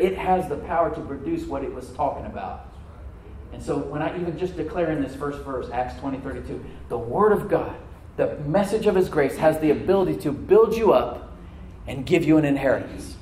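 A man's voice: a little high, darkish tone, a little hiss or hum. A male pastor preaching a sermon to his congregation. He repeats phrases, restarts lines, and asks "Amen?" to draw out responses. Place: church sanctuary with congregation. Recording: roomy church echo.

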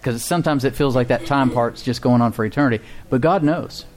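A man's voice: mid-range voice, a little fast, darkish tone. A male pastor preaching a sermon and leading a prayer, with a preaching cadence and call-and-response with the congregation.

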